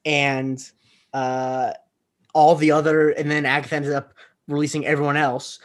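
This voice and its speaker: A podcast co-host recaps a TV episode in casual chat, rambling with lots of fillers and making jokes at his own expense. His voice is on the high side, his tone level, his delivery unhurried.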